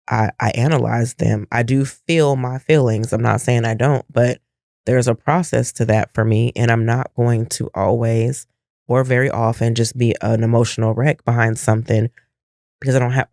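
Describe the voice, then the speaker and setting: A man's voice: medium pitch, vocal fry, darkish tone, dry recording, clean studio sound. A middle-aged man co-hosting a casual podcast chat, reflective and emphatic, firing off rhetorical questions. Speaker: podcast co-host.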